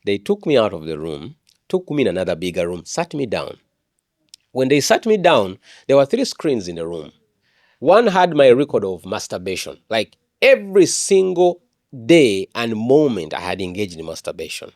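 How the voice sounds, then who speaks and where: Animated man giving testimony. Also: fairly low pitch, normal speed, no room sound, clean studio sound. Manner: earnest storytelling with frequent repeated words and restarts. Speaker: evangelist. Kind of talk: personal testimony in an interview.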